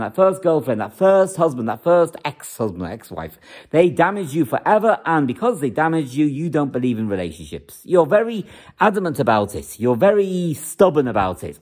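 A man's voice: medium pitch, a little mellow. A man giving astrology forecasts for each star sign in an emphatic way, repeating phrases to drive his points home. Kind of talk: horoscope forecast talk.

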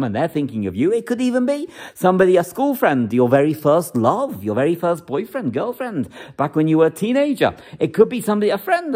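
A man's voice: a little high, darkish tone. A man giving astrology forecasts for each star sign in an emphatic way, repeating phrases to drive his points home. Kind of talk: horoscope forecast talk.

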